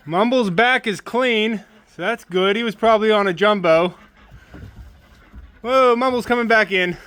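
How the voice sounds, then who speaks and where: A man's voice: high-pitched, unhurried, fairly bright tone, clean tone. A man hosting a homestead vlog, coaxing his birds and dog along in a sing-song way and then explaining his farm chores plainly. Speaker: homesteader and channel host. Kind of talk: casual homestead vlog with talk to animals and explanations.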